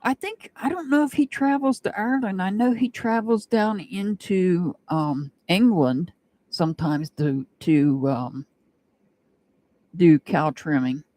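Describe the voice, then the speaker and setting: A woman's voice: lowish voice, takes it slowly, mellow. A woman doing a live-stream tarot reading, chatting and rambling with her viewers and laughing often. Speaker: tarot reader.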